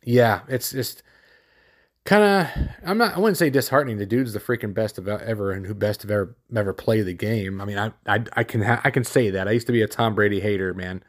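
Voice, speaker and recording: A man's voice: on the low side, brisk. A man hosting a solo sports podcast, rambling and opinionated, with lots of fillers, restarts and casual slang.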